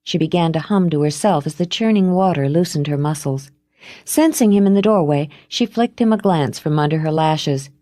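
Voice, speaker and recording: A woman reads a novel aloud in a low, measured voice, giving the prose an expressive lift. The recording is dry and close, with no room sound around her. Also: no echo. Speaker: audiobook narrator. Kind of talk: scripted narration.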